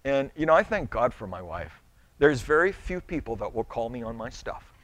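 A man's voice: mid-range voice, sing-song, moderate pace, fairly bright tone, no echo. A middle-aged male pastor preaching a sermon in a conversational way, stumbling over restarts and acting out little quotes.

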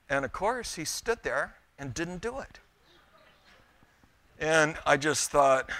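Bright-voiced preacher telling folksy stories. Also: male voice, fairly high pitch, expressive, normal speed, dry recording. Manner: folksy storytelling, addressing the congregation directly. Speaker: pastor. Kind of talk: sermon.

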